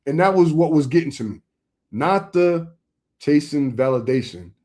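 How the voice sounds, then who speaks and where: A young man with a high-pitched voice preaches informally straight to his listeners, animated and at normal speed with a dark tone. His style is emphatic and streetwise, piling up short repeated phrases to drive each point home.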